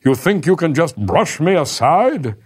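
A man's voice: fairly high pitch, big pitch swings, unhurried, darkish tone, husky, exaggerated voice. Man voicing an elderly nobleman, indignant, stern, challenging.

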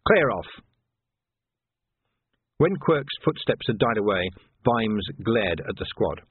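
A man reading a story aloud in a measured, wry narration. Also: fairly low pitch, expressive, slight background noise. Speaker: audiobook narrator. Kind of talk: scripted narration. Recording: tinny narrow audio, dry.

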